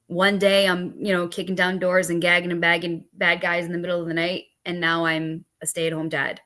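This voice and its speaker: A woman's voice: lowish voice, brisk, hardly any pauses. A woman telling stories bluntly and profanely in a casual podcast chat. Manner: blunt, profane, animated storytelling. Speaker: veterans advocate guest.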